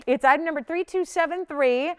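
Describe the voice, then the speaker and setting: A woman's voice: high-pitched, a little fast. A woman hosting a live jewelry shopping show, chatty and enthusiastic, laughing often as she sells.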